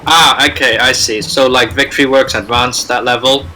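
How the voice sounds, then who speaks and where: A man chats eagerly on a live stream, asking questions and reading viewer comments aloud. His voice is extremely bright and sharp-edged, with faint noise in the background. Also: mid-range voice, fairly even intonation, normal speed, poor audio. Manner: reads out chat messages, chatty and eager. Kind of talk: casual group chat on a live stream.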